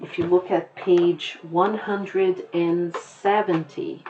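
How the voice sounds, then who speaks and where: A woman teacher giving a lecture on a poem, explaining slowly and rephrasing as she goes. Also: fairly low pitch, fairly even intonation, dark tone, dull audio, slight background noise. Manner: slow, explanatory, repeats and rephrases.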